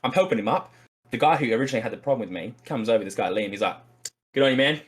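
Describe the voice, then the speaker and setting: A man's voice: fairly low pitch, expressive, rapid-fire, slightly rough. An Australian man telling a story as a podcast guest, casual and rambling, swearing freely with lots of fillers.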